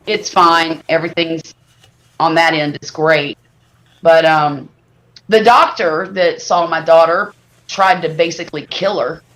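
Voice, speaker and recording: Middle-aged woman, chatty livestream host who tells stories with lively exaggeration. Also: low-pitched, unhurried. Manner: animated, exaggerating storyteller. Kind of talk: casual storytelling chat.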